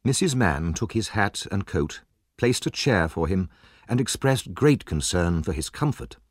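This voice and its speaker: A man narrating a classic story in a measured, expressive reading voice. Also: low-pitched, no echo, clean studio sound.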